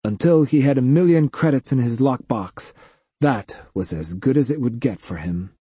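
A man narrating a science-fiction audiobook with expressive storytelling. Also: mid-range voice, normal speed, husky, no echo. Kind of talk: scripted narration.

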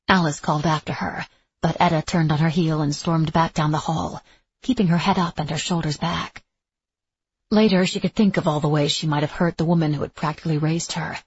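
A woman with a husky, breathy, rather low voice reads a novel aloud in a steady, even storytelling tone. The recording is dry and slightly dull, like a lo-fi home setup. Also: brisk. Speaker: audiobook narrator. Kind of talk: scripted narration.

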